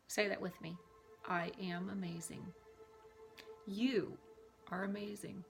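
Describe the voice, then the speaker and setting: Woman with a gravelly voice leading affirmations. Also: mid-range voice, steady tone, takes it slowly, long pauses, faint music behind. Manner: reads aloud, then breaks off into rambling asides. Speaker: self-help vlogger. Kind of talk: reading and repeating affirmations to camera. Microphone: camera mic.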